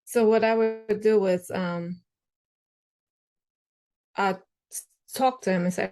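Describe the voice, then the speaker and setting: A woman talking casually as a podcast guest, telling stories in a chatty, animated way. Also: medium pitch, slow pace, long pauses. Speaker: guest parent.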